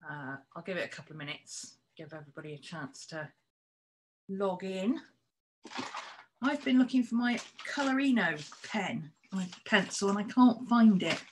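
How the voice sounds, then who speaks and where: A woman's voice: animated, normal speed, slight background noise, low-quality recording. A woman chatting casually to her livestream viewers and cooing at her pets in between. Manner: talks to her pets in a high baby voice. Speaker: streamer.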